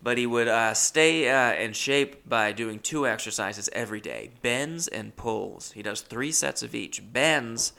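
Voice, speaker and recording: Young male comedian, gravelly and bright, rambling self-deprecating storyteller. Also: mid-range voice, a little slow, hardly any pauses. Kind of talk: comic storytelling.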